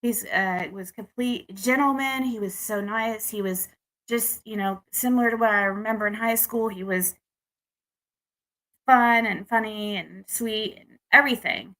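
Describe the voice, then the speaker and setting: With a medium pitch and measured pace, this young US woman sounds bright and forceful. She's a vlogger telling her audience a wandering personal dating story, full of restarts and frustrated outbursts.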